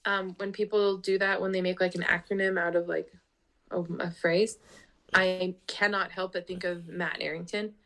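A woman's voice: lowish voice, little pitch movement, moderate pace, a bit bright. Chatty woman podcast co-host. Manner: chatty, lots of fillers and 'like'. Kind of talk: casual chat.

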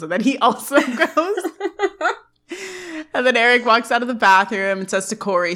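A woman's voice: mid-range voice, a little fast, fairly bright tone. A young woman co-hosting a podcast, recapping scenes in casual chat, giggling and acting out the quotes. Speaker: podcast co-host.

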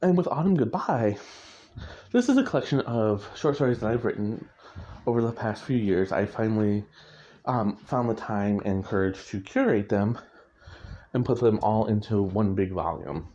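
A man's voice: lowish voice, expressive, moderate pace, mellow. A man, an author, talking casually about his writing in a rambling way, correcting himself and chuckling often. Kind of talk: casual chat. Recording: muffled lo-fi recording.

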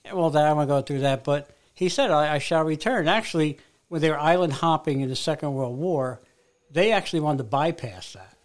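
A man's voice: fairly high pitch, fairly quick. A man co-hosting a podcast, telling stories in casual, rambling chat with frequent restarts. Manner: rambling, self-interrupting storyteller. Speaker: podcast co-host.

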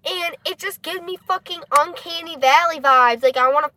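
A woman's voice: very high-pitched, moderate pace. Blunt young woman ranting in a car. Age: young adult. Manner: blunt, swears constantly, loud rants. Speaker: podcast co-host. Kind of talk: casual chat. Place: parked car.

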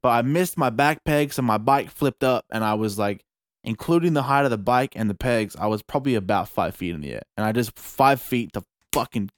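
A young man with an Australian accent telling a story in a casual chat, animated and swearing freely. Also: mid-range voice, brisk, dry recording, studio quality.

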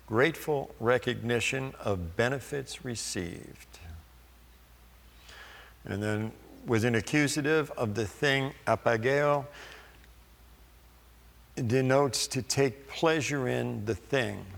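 A man preaching a sermon, reading scripture slowly and deliberately with pauses. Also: medium pitch, creaky, fairly bright tone, big-room sound.

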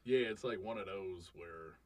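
A man's voice: low-pitched, unhurried, darkish tone. A man hosting a casual podcast, talking in a rambling, profane, self-deprecating way. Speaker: podcast host.

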